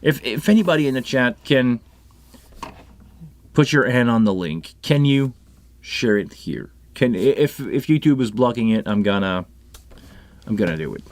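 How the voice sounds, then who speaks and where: A man's voice: medium pitch, expressive, a little slow, pauses often. A man with a French Canadian accent hosting a casual live stream about sound gear, chatting in a rambling way with many restarts and asides. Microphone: live microphone on a console setup.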